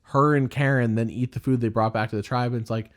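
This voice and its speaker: A man's voice: mid-range voice, steady tone, fast talker. A man co-hosting a podcast in casual chat, rambling, laughing often and mimicking people he quotes. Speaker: podcast co-host.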